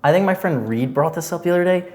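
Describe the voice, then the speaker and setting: A young man guesting on a podcast sounds animated and quick, with a higher-than-average, darkish voice. His chat is casual and meandering, heavy on "like" fillers.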